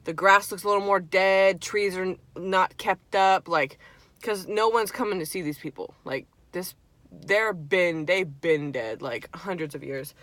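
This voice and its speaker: Young woman, bright tone, dry sound, animated casual storytelling, lots of swearing. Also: fairly low pitch, unhurried, dry recording. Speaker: vlogger. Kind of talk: casual storytime while eating.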